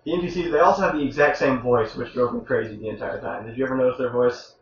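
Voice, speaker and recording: A man's voice: mid-range voice, fast. A man hosting a casual chat, rambling and restarting his sentences, and getting exasperated when his co-hosts interrupt him. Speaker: podcast host presenting a game review. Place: room shared with two co-hosts on a live stream. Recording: roomy, distant, dull lo-fi mic with faint noise.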